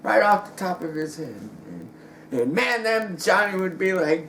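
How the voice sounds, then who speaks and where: A man's voice: high-pitched, big pitch swings, normal speed, a bit bright. A man telling a rambling comic story, stumbling over restarts and chuckling as he goes. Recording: roomy echo with faint ambient noise.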